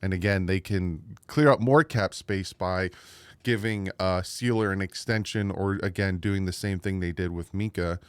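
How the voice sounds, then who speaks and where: A man's voice: low voice, normal speed, clear, resonant tone, no room sound. A man with a New Jersey accent hosting his own sports channel, giving casual, rambling commentary to viewers with frequent restarts. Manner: rambling, restarts, mild frustration.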